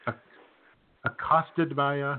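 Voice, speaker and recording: A man's voice: a little high, little pitch movement, slow, clean tone. A man hosting a casual talk show, telling an anecdote and chuckling between lines. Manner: laughing through his anecdote, with restarts. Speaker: show host. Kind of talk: casual chat, storytelling. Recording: phone-quality audio.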